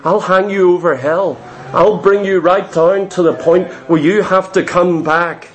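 A man voicing God in a sermon, calling a straying sinner back in a low, insistent tone. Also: fairly even intonation, unhurried. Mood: stern.

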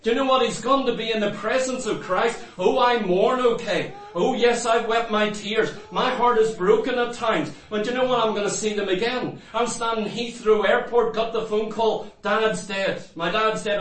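A man's voice: sits high, a bit bright. A man preaching a sermon to a congregation, fervent and full of repeated rhetorical questions to the people in front of him. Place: church. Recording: echoey room, mic far off.

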